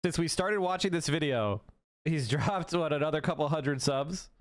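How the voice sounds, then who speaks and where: A man's voice: fairly high pitch, normal speed, no echo. A man on a live stream reading an article aloud to his chat, casual, with small slips and restarts.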